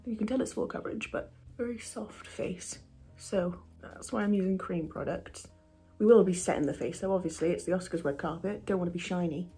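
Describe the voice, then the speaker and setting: A woman's voice: medium pitch, a little mellow, husky. A young woman in her twenties doing a chatty get-ready-with-me makeup vlog, rambling with lots of asides. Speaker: beauty vlogger and aspiring actress.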